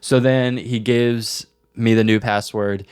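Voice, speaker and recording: A young man co-hosting a podcast, telling a story in casual chat, animated and swearing freely. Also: mid-range voice, slow pace, clean tone, no room sound, clean studio sound. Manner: animated storyteller, swears a lot, acts out quotes. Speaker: podcast co-host.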